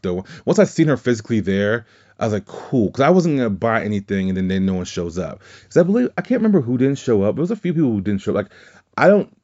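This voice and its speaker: A man's voice: lowish voice, darkish tone. A man co-hosting a podcast, telling a rambling anecdote in a casual chat, often correcting himself and swearing offhand. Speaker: podcast co-host. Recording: dull lo-fi audio.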